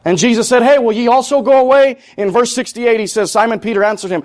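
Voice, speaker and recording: A man preaching a sermon in a high voice. He talks plainly and repeats his points for stress. His delivery climbs to loud, emphatic peaks. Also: fast talker, hardly any pauses.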